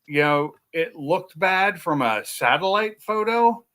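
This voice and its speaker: A man's voice: sits high, expressive, slow pace, sharp tone, slight background noise. A man hosting a casual livestream chat, talking bluntly and swearing freely. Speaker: livestream host.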